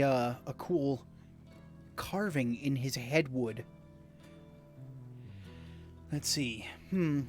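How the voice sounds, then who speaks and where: A man streaming a video game, reading its text aloud and chatting casually with rambling asides to viewers. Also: mid-range voice. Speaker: gaming streamer.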